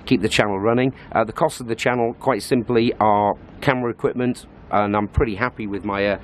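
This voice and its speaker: A man's voice: fairly low pitch, fairly even intonation, a little fast, a little hiss or hum. A British man talking casually to camera in a travel vlog, explaining things in a chatty way with lots of "uh" fillers. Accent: British English. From Britain. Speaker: travel vlogger. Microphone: handheld compact camera.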